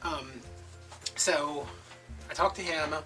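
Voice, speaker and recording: A man telling a long casual story while he crafts at home, chatty and animated. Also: a little high, slow. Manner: animated, chatty, slips into quoted voices. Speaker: craft video host. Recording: distant mic with background music.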